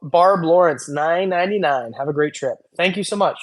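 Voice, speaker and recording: A man's voice: fairly high pitch, moderate pace. A man hosting a long casual livestream, reading chat comments aloud and joking loosely, tired after hours on air. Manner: loose, rambling, joking, many fillers. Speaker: reptile channel host.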